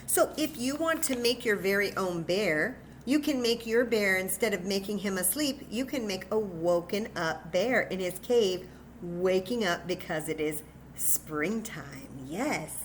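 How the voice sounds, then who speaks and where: Woman, children's librarian, sing-song, very slow, faint background hiss. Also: mid-range voice, animated. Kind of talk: children's story time with a craft. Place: home room with a cat nearby.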